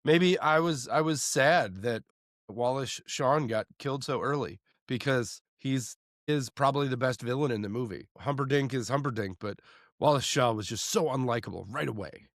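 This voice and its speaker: A man's voice: medium pitch, moderate pace, dry recording, clean studio sound. A man co-hosting a podcast, chatting playfully about a movie, quoting lines and trailing off into restarts. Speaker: podcast co-host. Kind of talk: casual movie-review chat.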